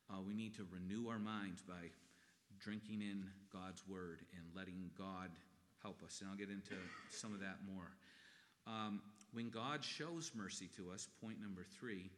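Man preaching in an echoey hall. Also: fairly low pitch. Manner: animated storytelling, reads scripture aloud. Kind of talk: sermon. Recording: long reverb in a large hall.

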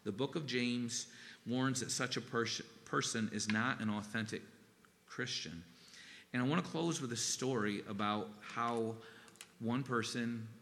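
A man preaching a sermon in an earnest, halting way, with pauses and restarts. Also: mid-range voice, long reverb tail. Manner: earnest, halting, gets emotional and softens. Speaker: pastor.

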